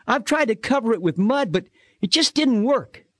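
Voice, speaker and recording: A man voicing a worried young female sheep in a children's story, in a high, earnest, pleading voice. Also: animated, normal speed, fairly bright tone, no echo, full character voice. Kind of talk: storybook character voice.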